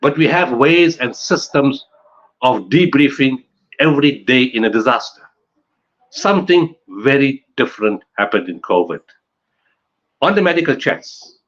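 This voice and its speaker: A man's voice: mid-range voice, a bit bright, muffled recording. A man from South Africa giving an emphatic conference talk on disaster management, building his points through repetition and rhetorical questions.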